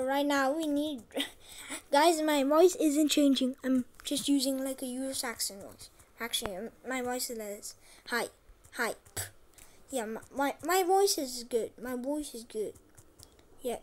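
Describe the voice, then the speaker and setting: A woman's voice: sits high, a little mellow. A woman hosting a gaming channel, chatting casually over a farming game and repeating short phrases to herself. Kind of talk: casual gameplay commentary.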